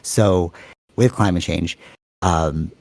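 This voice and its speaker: A man co-hosting a podcast in casual chat, talking quickly and animatedly, rambling from thought to thought over a video call. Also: low voice, vocal fry, darkish tone, no room sound, studio quality. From Canada. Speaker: podcast co-host.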